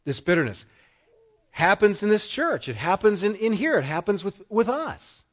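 Middle-aged male pastor, emphatic sermon delivery, repeats lines for weight, slightly high voice. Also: big pitch swings, normal speed. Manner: emphatic, acts out quoted voices, repeats phrases.

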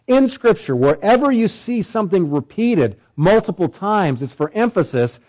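A male pastor delivering a sermon, emphatic, with swelling pitch and repeated phrases. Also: sing-song, moderate pace, few pauses, poor audio.

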